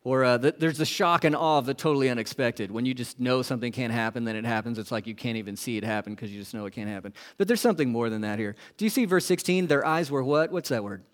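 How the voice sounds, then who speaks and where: A man preaching a sermon as a pastor, asking the congregation questions and moving between loud emphasis and hushed, quiet lines. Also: mid-range voice, quick pace, few pauses.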